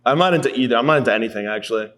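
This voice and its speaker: A man's voice: mid-range voice, expressive, rapid-fire, a bit bright. A man in his thirties delivering a rambling, profane, self-mocking comedy monologue as a podcast host. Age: 30s.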